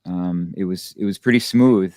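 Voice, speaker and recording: A man actor guesting in an interview over a video call, relaxed and halting with lots of fillers. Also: low-pitched, no room sound, clean studio sound. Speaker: theatre company actor.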